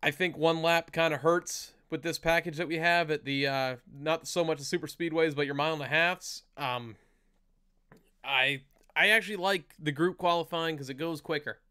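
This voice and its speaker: Young man, podcast co-host, casual chat, smooth clear voice, a bit high-pitched, upbeat. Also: bright, forceful tone, no echo, studio quality. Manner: chatty, reads plugs in a quick upbeat run.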